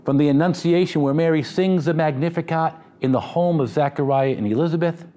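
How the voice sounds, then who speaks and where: A man's voice: a little high, brisk, warm tone. A man preaching a sermon in a conversational, humorous style, with asides to the congregation. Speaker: pastor.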